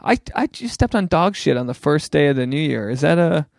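Gravelly man joking on his podcast. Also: fairly high pitch, sing-song, brisk, dry recording, studio quality. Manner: rambling, self-deprecating jokes. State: out of breath. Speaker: podcast host. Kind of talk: casual chat. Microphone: home podcast mic.

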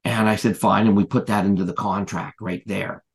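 A man's voice: on the low side, steady tone, moderate pace, vocal fry, slightly rough. A man who is a podcast guest, telling a long story in casual chat, rambling with many fillers and restarts and retelling what people said.

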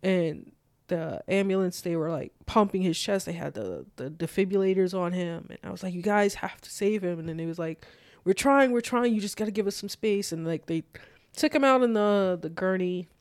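Young adult guest with a mid-pitched voice, telling a story in loose, filler-heavy speech, dry and close. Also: normal speed, clear, resonant tone, no room sound. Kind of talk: casual personal storytelling.

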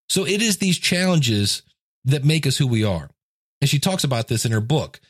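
A man's voice: on the high side, animated, measured pace, no echo, clean studio sound. A man in his fifties giving a casual motivational monologue, telling stories and acting out quoted voices. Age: 50s. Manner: storytelling, acts out quoted voices.

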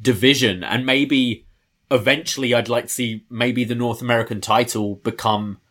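A man's voice: mid-range voice, fairly even intonation, normal speed, a bit bright. A man co-hosting a podcast, sharing thoughtful opinions on wrestling in casual chat with frequent fillers. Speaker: podcast co-host.

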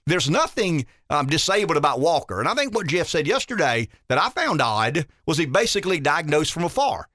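A rural Southern man hosts a talk radio show in a lively, up-and-down voice. His tone is bright and forceful, and he is emphatic and folksy, doubling back on words as he builds each point. The studio sound is close and dry. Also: fairly high pitch, fairly quick, few pauses, no echo. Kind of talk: opinionated talk radio commentary.

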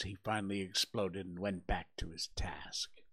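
A man hosting a show, reading a classic adventure novel aloud in slow, measured narration. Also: low voice, fairly even intonation, pushed and bright, slightly rough.

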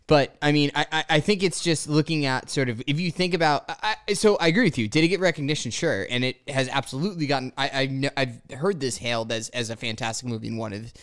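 A man's voice: medium pitch, fast talker, hardly any pauses, fairly bright tone, smooth. A man hosting a casual podcast discussion, often stumbling over his words and restarting sentences. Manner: hesitant, restarts a lot. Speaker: podcast host.

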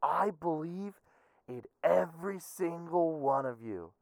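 Gushing teen motivational speaker. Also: female voice, low-pitched, expressive, slow, vocal fry, no room sound, heavily acted. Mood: encouraging. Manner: gushing pep talk, dropping to a hush. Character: teenage male motivational speaker, upbeat.

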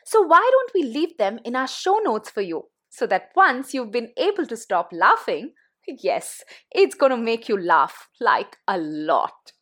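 Woman podcast co-host, animated and playful, fairly high voice. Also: a little slow. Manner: encouraging, playful. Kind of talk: casual podcast chat.

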